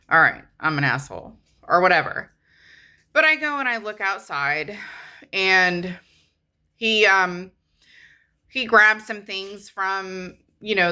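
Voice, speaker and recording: A woman's voice: on the low side, sharp tone. A woman in her thirties telling a rambling, frank story to her camera, swearing casually and trailing off often. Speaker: vlogger.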